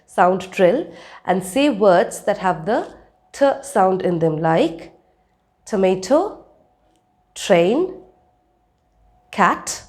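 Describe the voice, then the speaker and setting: A woman's voice: medium pitch, lively intonation, slow pace, a little mellow. A woman teaching a spoken lesson, demonstrating sounds and checking in with her listeners. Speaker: accent coach.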